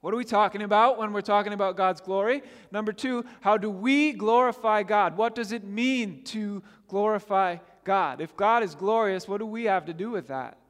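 A man with a high-pitched voice preaches a sermon with earnest emphasis and lifts his voice on his questions. The long reverb of a church hall trails after each phrase. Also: moderate pace, hardly any pauses, a bit bright. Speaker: pastor. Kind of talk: sermon with scripture reading.

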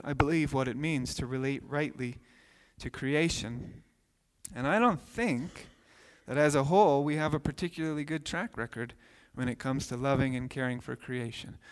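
Man preaching a sermon, lively storytelling, slightly high voice, long hall reverb. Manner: storytelling, animated, acts out voices. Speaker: pastor. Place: church sanctuary.

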